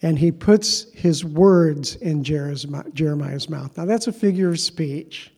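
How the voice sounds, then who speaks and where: A man's voice: on the high side, a little slow, a little mellow, breathy edge. A man preaching a sermon as pastor, telling a story in a conversational, self-deprecating way.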